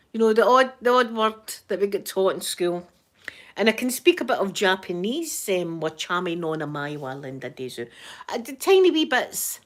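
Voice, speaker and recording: A Scottish woman hosts a casual live stream, talking quickly and chattily. Her voice sits at an ordinary middle pitch. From Scotland.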